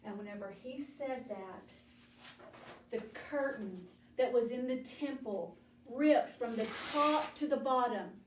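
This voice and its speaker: A woman teaching a children's Bible study, telling the story slowly and deliberately and asking the children questions. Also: on the high side, a little hiss or hum. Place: church room. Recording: echoey room, mic at a distance.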